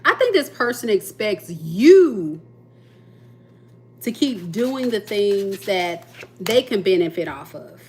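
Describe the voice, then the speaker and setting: A woman reads tarot live for her viewers, teasing them and cracking herself up as she goes. Her pitch sits in a middle range, and a faint hum runs under the recording. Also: sing-song, slow pace, a little mellow. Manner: playful, laughs often, talks to viewers as y'all. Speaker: tarot reader.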